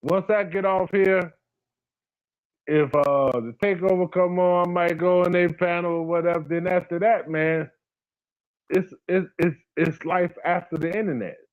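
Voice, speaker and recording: A man's voice: high-pitched, steady tone, moderate pace, narrow, tinny audio. A man hosting a casual livestream, talking bluntly, repeating his points and addressing viewers by name. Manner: blunt, repeats himself, talks to chat by name. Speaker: livestream host.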